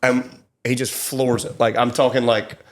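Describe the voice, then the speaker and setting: At a normal speed and in a flat, mid-range voice, a young man from Scotland speaks with a Scottish accent. As a country songwriter guesting on a podcast in the studio, he keeps the interview casual and rambling, heavy on fillers.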